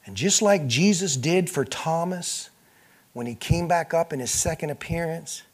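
A male pastor preaching a sermon, moving between loud, emphatic passages and quiet, hushed ones, and voicing the people in the scripture he reads. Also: fairly high pitch, normal speed, husky. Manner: acts out speakers in the scripture he reads.

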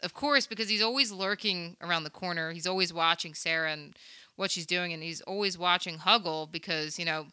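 A woman with a very bright, crisp, clear voice, recapping a film for a podcast. She talks in a lively, storytelling way, full of quick asides. The sound is dry and close to the mic. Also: fairly low pitch, no echo. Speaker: podcast co-host. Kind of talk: casual movie recap chat.

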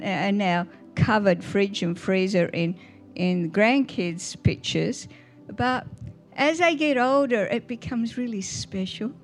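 An older woman, telling family stories in a Mother's Day church talk and often asking the congregation questions. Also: mid-range voice. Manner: warm storytelling with little laughs, asks the audience questions. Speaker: guest speaker at church.

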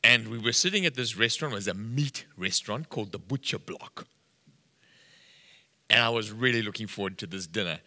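A man's voice: fairly low pitch, expressive, brisk, pushed and bright. A middle-aged man preaching a sermon, telling a story and acting out the dialogue with animation. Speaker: pastor. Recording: long hall reverb.

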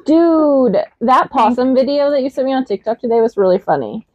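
Woman cohost, high and a bit husky, teasing and playful. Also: expressive, fairly quick, darkish tone, no room sound, muffled recording. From southern United States. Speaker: podcast co-host. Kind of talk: casual chat. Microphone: small shared microphone.

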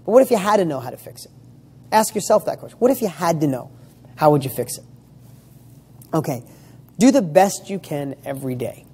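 A man's voice: on the high side, lively intonation, fairly quick, pauses often, mellow, breathy edge. A man giving a motivational talk as a coach, speaking emphatically, firing off rhetorical questions and swearing casually. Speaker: motivational coach for real estate students.

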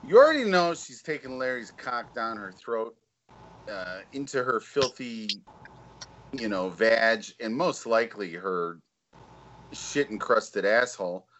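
A man talks crudely and mockingly in casual podcast banter, with blunt advice. His voice is bright and sharp. He speaks at an everyday pitch. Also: animated, measured pace, highs cut off, slight background noise. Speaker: co-host.

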